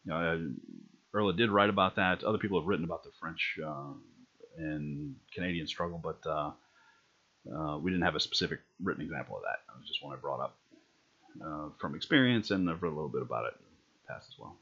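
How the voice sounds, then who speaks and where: Man, very low voice, lecturing with lots of ums and restarts, dull lo-fi recording. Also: fairly quick, pushed and bright, husky. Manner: rambling, many fillers and restarts.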